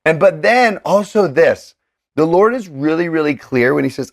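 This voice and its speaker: A man co-hosting a casual scripture discussion, animated and acting out the verses in voices. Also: on the high side, normal speed, vocal fry. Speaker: co-host of a scripture study show. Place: indoors with a board.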